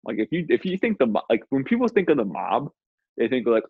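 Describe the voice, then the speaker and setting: A man's voice: mid-range voice, sing-song, brisk, creaky, husky, no room sound. A man co-hosting a podcast in casual chat, laid-back and joking, saying "dude" a lot, on dull lo-fi audio. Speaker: podcast co-host.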